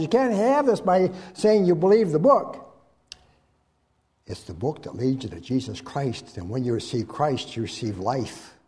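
A man delivering a sermon in a voice pitched slightly above the usual. His delivery rides a very lively melody, rising to loud emphatic peaks and sinking to near-whispered lows. He often pauses to let the congregation supply the next word. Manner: dynamic preaching, swinging from loud high emphasis to hushed low tones; asks the congregation to fill in words. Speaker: preacher.

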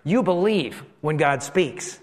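A preacher telling a dramatic first-person sermon as an elderly priest who talks with exclamations and wry asides about himself. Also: male voice, fairly high pitch, slow, in a large hall. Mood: rueful. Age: older. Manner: animated, exclaiming, self-deprecating asides. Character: elderly male priest, amazed and rueful.

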